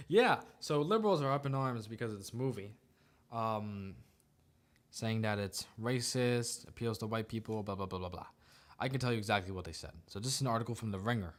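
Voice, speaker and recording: A man's voice: lowish voice, moderate pace. A man hosting a podcast, giving casual opinion commentary in a sarcastic manner and laughing often. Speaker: podcast host.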